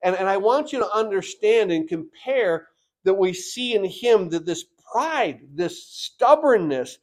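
A man preaching a sermon, reading scripture aloud and commenting on it with sudden loud bursts of emphasis. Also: high voice, measured pace. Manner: expressive preaching, bursts loud on key points.

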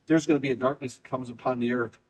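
A man preaching a sermon, emphatic and repetitive, reading scripture aloud and swinging between quick bursts and slow, drawn-out phrases. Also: mid-range voice, steady tone, a little mellow, poor audio. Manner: emphatic preaching, speeding up and slowing down, repeating phrases. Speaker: pastor.

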